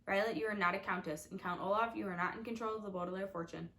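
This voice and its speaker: A woman voicing a kind female judge who speaks carefully and in measured phrases. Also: mid-range voice, a bit bright, close to an everyday voice.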